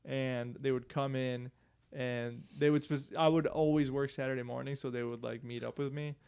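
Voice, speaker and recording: A man's voice: medium pitch, steady tone, moderate pace, vocal fry, a little mellow, clean tone. A man co-hosting a casual podcast, telling a story loosely and profanely with lots of "like" and laughter. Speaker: podcast co-host.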